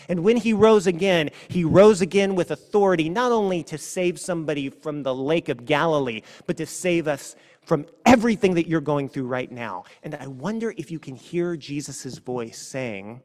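A man preaching a sermon as a pastor, earnest, moving between hushed and forceful passages. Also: fairly high pitch, animated, moderate pace. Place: church sanctuary. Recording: long reverb of a church hall.

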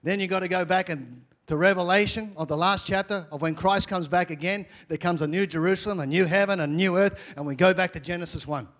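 A man preaching a sermon as pastor, energetic, with repeated phrases and swings between loud and quiet. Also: high voice, brisk, hardly any pauses.

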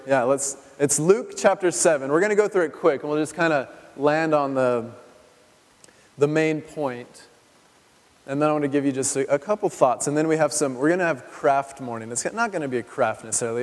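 A male pastor with a slightly high, mellow voice delivers a chatty, conversational sermon full of rhetorical questions for his listeners. A long hall reverb surrounds the recording.

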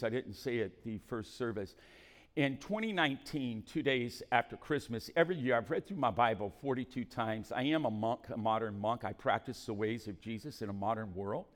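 A male pastor preaching a sermon, moving between calm scripture reading and loud, shouted exhortation in a church. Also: mid-range voice, normal speed, in a large hall. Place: church hall.

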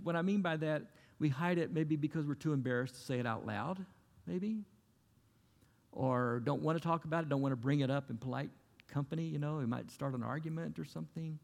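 Gravelly-voiced pastor preaching in a hall. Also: male voice, a little high, a little mellow. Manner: earnest, conversational preaching with repeated phrases. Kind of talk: sermon.

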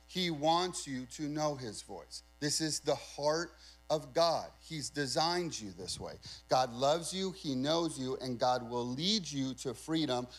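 A man's voice: mid-range voice, poor audio. A male pastor preaching a sermon in a conversational, emphatic way, often asking the congregation questions.

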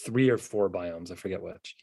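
Man, casual chat, relaxed wry storyteller, lowish voice, dry. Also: normal speed, vocal fry, slightly rough, no echo. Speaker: podcast co-host.

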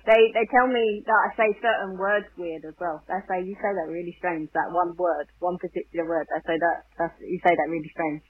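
A husky-voiced woman with a London accent and a slightly posh edge talks easygoingly, laughing often. Her voice comes through a tinny, phone-like line, like a remote call. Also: lowish voice, steady tone, fairly quick, dry recording. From southern England. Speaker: author, guest. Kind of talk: casual interview chat.

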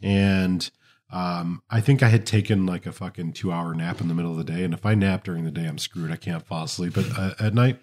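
Low-voiced laid-back man chatting. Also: fairly even intonation, fairly quick, darkish tone. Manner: laid-back, laughs often, swears casually. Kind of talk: casual chat.

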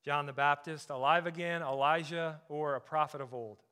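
A man preaching a sermon as pastor, emphatic, often dropping to a soft, intense tone on key points. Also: on the high side, steady tone, normal speed, clean tone.

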